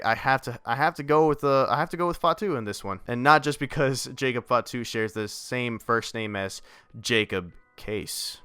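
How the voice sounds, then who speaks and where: A man's voice: medium pitch, bright, forceful tone, clean tone, no room sound. A young man casually giving his predictions, rambling and hesitant with many restarts. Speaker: wrestling vlogger.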